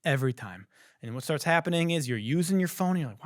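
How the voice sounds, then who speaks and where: A young man hosting a podcast in casual, profane chat, telling stories animatedly and swinging between hushed and loud. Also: fairly high pitch, lively intonation, fast talker, no echo, studio quality. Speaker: podcast host.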